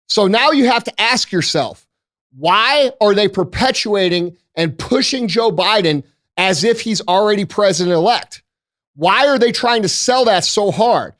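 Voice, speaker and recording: An American man hosting a podcast, delivering a forceful, profane rant full of rhetorical questions into a studio mic. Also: high voice, no echo. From United States. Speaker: podcast host. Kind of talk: ranting podcast monologue.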